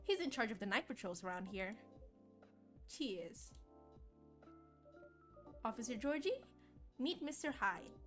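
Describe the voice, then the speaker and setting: Polite café barista, near-natural read, woman streamer, bright and animated. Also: on the high side, full character voice. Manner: courteous, chatty, earnest. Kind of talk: streamer voicing game dialogue.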